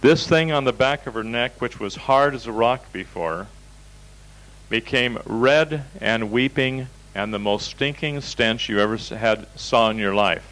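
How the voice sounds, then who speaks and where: A man's voice: mid-range voice, a little slow, a bit bright, poor audio. Guy running a seminar, folksy storyteller, talks straight to the room. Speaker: seminar instructor. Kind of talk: lecture with slides and anecdotes.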